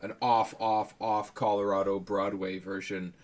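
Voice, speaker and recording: A man's voice: on the low side, little pitch movement, unhurried. A man co-hosting a pop-culture podcast, chatting casually and joking with his friends. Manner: jokey, quotes lines in put-on voices. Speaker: podcast co-host. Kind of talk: casual chat.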